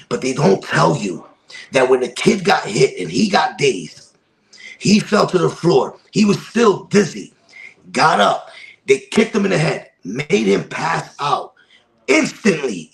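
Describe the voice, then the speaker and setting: A man's voice: a little high, sing-song, measured pace, vocal fry, rough recording. A man, a guest on a podcast, tells a dramatic personal story with emphasis and repeated phrases. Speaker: podcast guest from a wrestling promotion.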